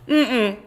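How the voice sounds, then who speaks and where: An extremely high, pushed and bright voice carries this woman as she wraps up her live online talk show. In a casual, churchy sign-off, she jokes affectionately with her viewers and laughs often.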